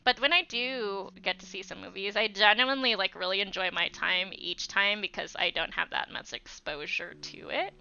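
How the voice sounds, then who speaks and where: Bright chatty young woman streamer. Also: mid-range voice, moderate pace, vocal fry, hardly any pauses, clear, resonant tone. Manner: chatty, many "like" fillers, thanks viewers by name. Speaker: art livestreamer. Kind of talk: casual livestream chat while drawing. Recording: slightly dull lo-fi stream audio, faint music.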